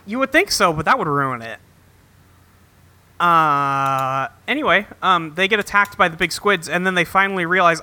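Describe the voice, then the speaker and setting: A man's voice: high-pitched, expressive, normal speed, pushed and bright. A man co-hosting a casual podcast, recapping a cartoon episode with jokes and frequent fillers. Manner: joking, hedges with fillers like um and anyway. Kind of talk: casual chat.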